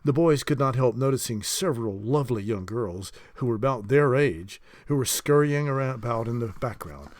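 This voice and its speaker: A man narrating a fantasy audiobook chapter in an expressive storytelling way. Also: medium pitch, moderate pace, few pauses, no echo.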